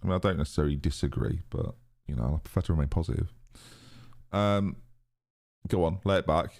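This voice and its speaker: A man's voice: a bass voice, a little fast, gravelly, darkish tone. A British man streaming a football management game live, chatting sarcastically and reading out his viewers' messages. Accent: British English. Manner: chatty, sarcastic, reads chat aloud. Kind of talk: casual live-stream commentary.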